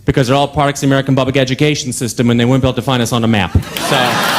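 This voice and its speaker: A man's voice: mid-range voice, little pitch movement, rapid-fire, a loud crowd. A young man from Canada, doing a stand-up set on a club stage with a dry, offhand delivery and many asides. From Ottawa, Canada. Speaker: stand-up comedian. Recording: live club, audience and noise.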